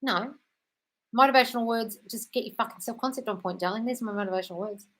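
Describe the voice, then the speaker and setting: A woman's voice: fairly high pitch, fast talker, fairly bright tone. A woman hosting a live stream, reading viewer comments aloud and answering them bluntly, often calling people darling. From United Kingdom. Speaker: livestream host answering viewer questions.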